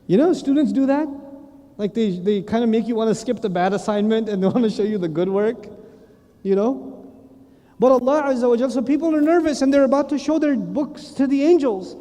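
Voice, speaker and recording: A man giving a humorous religious lecture, telling stories with animated asides and self-corrections. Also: extremely high pitch. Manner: animated storytelling with quick asides. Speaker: Islamic lecturer. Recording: long hall reverb.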